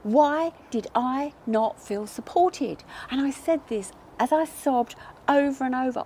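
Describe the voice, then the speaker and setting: A woman's voice: sits high, measured pace, dark tone, a little hiss or hum. Earnest woman telling her story. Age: adult parent. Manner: earnest, reflective, many rhetorical questions. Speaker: numerology vlogger. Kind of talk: personal storytelling.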